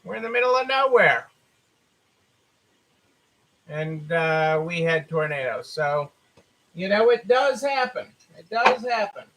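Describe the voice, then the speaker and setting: A man with a very high, bright voice chats with viewers on a store live stream, greeting them by name and repeating himself in a loose, casual way. He sounds tired. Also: lively intonation, slow, long pauses, rough recording.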